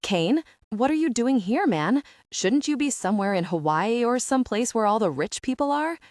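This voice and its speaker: A woman voicing a gruff, mumbling male tattoo artist with a Southern accent, in an audiobook. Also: on the high side, lively intonation, moderate pace, a little mellow, no echo, clean studio sound, pitched above the performer's own voice, close to an everyday voice. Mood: friendly.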